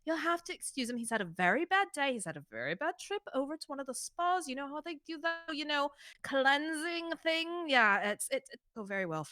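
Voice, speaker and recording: A woman's voice: high voice, lively intonation, fairly quick, pushed and bright, dry recording, clean studio sound, pitched above the performer's own voice. A woman voicing a posh, fancy female merchant with airy manners.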